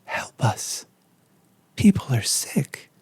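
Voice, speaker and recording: A man's voice: high voice, big pitch swings, slow pace, breathy edge, full character voice. A man whispering as pale grinning dream strangers. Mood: eerie whisper. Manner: whispered, laughing pleas.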